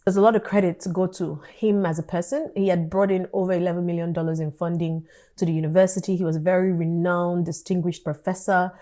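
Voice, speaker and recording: A woman, telling a personal story in an animated vlog style and acting out the dialogue. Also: on the low side. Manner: animated storytelling, acts out dialogue, laughs often. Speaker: vlogger.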